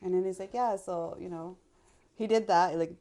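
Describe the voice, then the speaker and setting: A woman guest on a podcast, casually retelling a story in a blunt, animated way with some swearing. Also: lowish voice, moderate pace.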